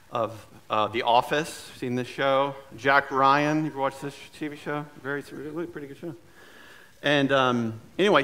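A man's voice: mid-range voice, fairly bright tone. A male pastor preaching a sermon in a church in a conversational, storytelling way, asking the congregation questions as he goes. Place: church sanctuary.

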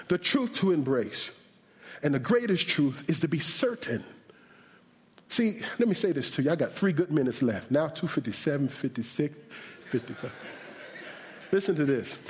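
A male pastor preaching an animated, humorous sermon with shouted bursts, then praying in a softer voice. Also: on the high side. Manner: closes in a softer prayer. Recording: reverberant hall.

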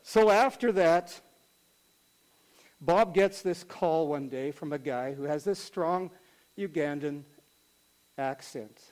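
High-voiced man telling a sermon story. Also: slow, pauses often, rough recording. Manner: conversational, animated storyteller. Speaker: pastor.

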